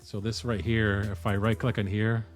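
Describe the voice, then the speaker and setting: A man from the Northeastern US streaming live, chatting casually with viewers and thinking aloud with frequent pauses. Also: fairly low pitch, little pitch movement, faint music behind. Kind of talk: casual live-stream chat while coding.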